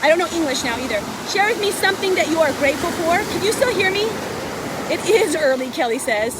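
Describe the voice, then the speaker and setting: A woman hosting a casual motivational live stream outdoors on a beach, filmed on a phone, chatty and excitable, a little out of breath. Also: extremely high pitch, quick pace. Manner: chatty, excitable, greets viewers by name. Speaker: live video host. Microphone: phone held by a friend. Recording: faint surf noise outdoors.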